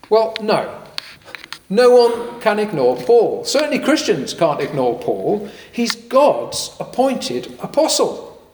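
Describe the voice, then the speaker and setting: A man preaching a sermon in a lively, conversational way with occasional fillers and jokey asides. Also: sits high, slight background noise. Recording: echoey hall with long reverb.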